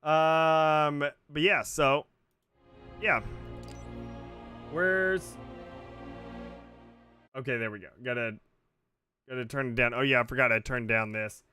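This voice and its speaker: Bright, rambling gaming streamer man. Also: mid-range voice, fairly even intonation, takes it slowly, long pauses. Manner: rambling, filler-heavy, chatting to viewers. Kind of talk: casual livestream commentary while playing. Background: faint game music.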